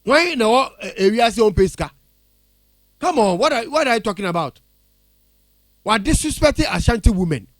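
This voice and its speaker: A man with a Ghanaian accent in heated radio talk, animated and indignant, switching between English and Twi. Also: sits high, a little fast, pauses often, no echo, studio quality.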